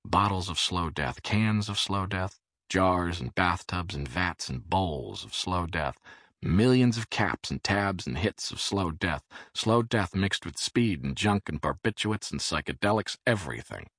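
Audiobook narrator, man, very low gravelly voice, dry close sound. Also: no echo. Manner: measured, expressive reading.

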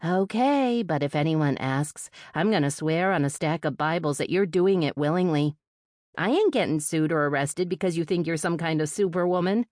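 A blunt, suspicious storage-facility owner, played by a woman narrating an audiobook. She talks in a folksy, curt way, pitched somewhat above the reader's own low voice. The recording is close and dry. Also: normal speed, a little mellow, no echo, natural voice. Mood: brusque. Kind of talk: audiobook character voice.

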